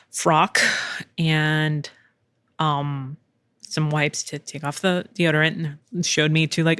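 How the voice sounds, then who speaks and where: A woman's voice: deep voice, a bit bright, no echo, clean studio sound. A woman hosting a podcast, telling a personal story in a candid, chatty way, laughing often and swearing casually. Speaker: podcast host. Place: home in Texas.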